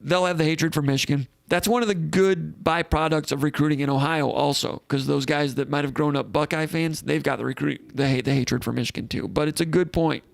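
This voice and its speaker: A man's voice: a little high, steady tone, a little fast, creaky, few pauses, dry recording, studio quality. A man hosting a live call-in sports show in a casual, rambling way, reading out comments and thinking aloud.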